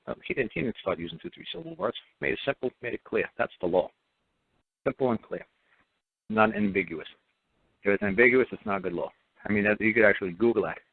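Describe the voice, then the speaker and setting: A man's voice: fairly low pitch, vocal fry. Blunt man on a tinny radio line. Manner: blunt, animated, mocking imitations. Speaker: radio show host. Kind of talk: casual radio talk. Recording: tinny phone-like dry audio.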